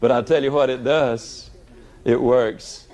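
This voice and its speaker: A man giving a motivational speech, telling it in a folksy, animated way with humor. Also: mid-range voice, takes it slowly. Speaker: motivational speaker.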